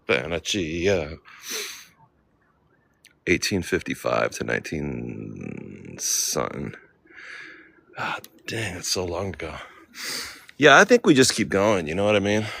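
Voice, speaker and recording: A man's voice: a bass voice, gravelly, a bit bright, a little hiss or hum. A man casually vlogging on a walk, chatting to viewers and reading names aloud. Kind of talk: casual livestream walk-and-talk. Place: outdoor cemetery.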